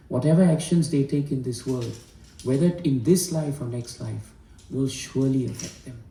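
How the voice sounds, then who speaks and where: A man with a dark, gravelly voice tells a devotional tale, earnest and measured. He sits back from the mic in an echoey room, so his words ring off the walls. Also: medium pitch, recorded from a distance. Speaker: spiritual storyteller. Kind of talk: devotional storytelling talk.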